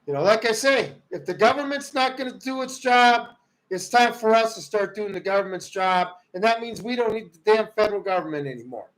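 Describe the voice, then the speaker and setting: A man hosting a livestream, ranting about politics in a heated way, swinging from loud outbursts to low muttering. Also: lively intonation, brisk, low-quality recording. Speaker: livestream host. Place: rural home.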